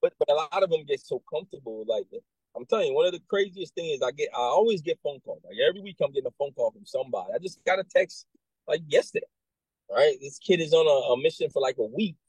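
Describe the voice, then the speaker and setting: A man working as a military recruiter, talking casually and telling animated stories with many restarts and asides. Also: a little high, quick pace, husky, no echo, low-quality recording. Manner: animated storyteller, acts out quoted voices, many restarts and "right?". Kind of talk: casual conversation.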